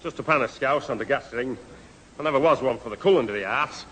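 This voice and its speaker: A man's voice: mid-range voice, quick pace, a little hiss or hum, natural voice. A man playing an affable neighbour who keeps mangling long words in a 1970s radio comedy. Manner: lively, mangling big words. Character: affable neighbour given to malapropisms. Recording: old radio recording, hall reverb.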